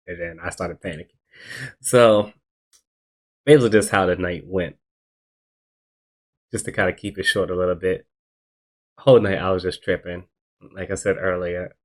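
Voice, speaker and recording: Low-voiced man telling a rambling story. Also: moderate pace, long pauses. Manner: rambling, animated, slangy, acts out quotes. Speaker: podcast host. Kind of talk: casual storytelling.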